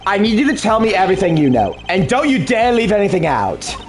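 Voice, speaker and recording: A man voicing a composed, calculating male investigator who speaks in a measured, formal way. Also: sits high, sing-song, soft background music.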